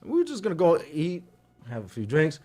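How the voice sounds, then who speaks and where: A man, a podcast host telling a story in a casual, animated way, laughing often and acting out what others said. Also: on the high side, brisk. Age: 40s.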